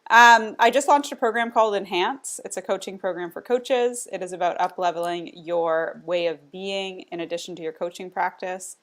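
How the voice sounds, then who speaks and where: A woman's voice: fairly low pitch, fairly even intonation, moderate pace, few pauses. A woman hosting a casual live-stream chat, upbeat and enthusiastic as she promotes her work. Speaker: coach and host.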